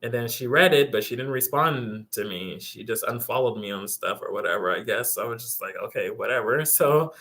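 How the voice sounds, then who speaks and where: A man's voice: medium pitch, a little fast, hardly any pauses, sharp tone. A young man vlogging, casually retelling a story, rambling with lots of fillers and some exasperation.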